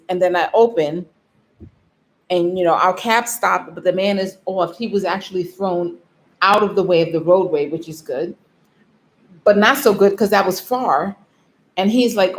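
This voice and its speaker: A tired woman vlogger telling a story in casual chat, emotional and yawning, with frequent laughs. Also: on the low side. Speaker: vlogger on a live stream.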